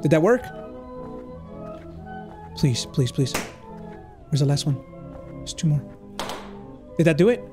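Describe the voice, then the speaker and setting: This man talks through a horror game, swearing freely and tossing in Spanish slang. His pitch jumps around constantly, with lively swings between high and low. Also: slow pace, long pauses, faint music behind. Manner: swears a lot, thinks out loud. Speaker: gaming YouTuber. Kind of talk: reacting to a horror game playthrough.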